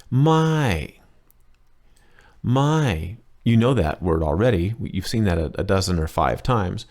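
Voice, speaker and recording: A man teaching a language lesson in a chatty, enthusiastic way, explaining slowly and repeating key words. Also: low voice, creaky, a little mellow. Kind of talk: casual spoken lesson.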